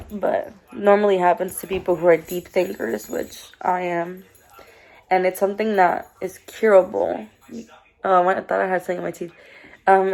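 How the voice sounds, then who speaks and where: A young woman speaks in a confessional daily vlog, her voice low with a gravelly fry. She rambles and restarts, soft and tearful at times, and her nose sounds stuffy from crying. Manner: rambling, halting, with many fillers. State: stuffy-nosed after crying. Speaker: daily vlogger.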